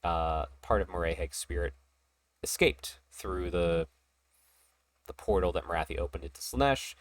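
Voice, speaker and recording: A man hosting a casual hobby podcast, talking in an excited, rambling way and laughing often. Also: deep voice, moderate pace. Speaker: podcast host.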